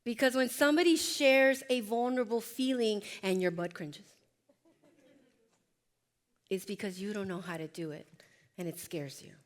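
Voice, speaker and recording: A woman's voice: medium pitch, moderate pace, pauses often. A woman presenting a workshop, speaking emphatically and directly to her audience as she coaches them. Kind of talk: motivational workshop talk.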